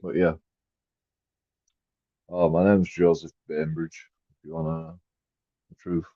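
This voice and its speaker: A man, rambling profanely on a live stream and swinging between mumbled asides and loud outbursts. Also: extremely low pitch, little pitch movement, measured pace, no room sound. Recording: dry, dull lo-fi sound.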